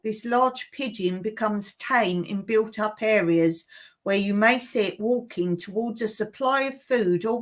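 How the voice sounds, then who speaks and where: Woman, livestream host, unhurried, giggly chat from home. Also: mid-range voice, a bit bright. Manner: giggly, chatty, often laughing at herself. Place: home in rural Cyprus.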